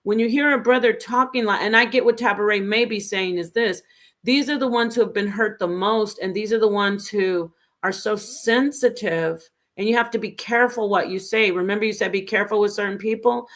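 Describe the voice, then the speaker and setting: A woman's voice: medium pitch, fairly quick. A woman hosting a casual commentary show, speaking in an earnest, critical and emphatic way. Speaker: host.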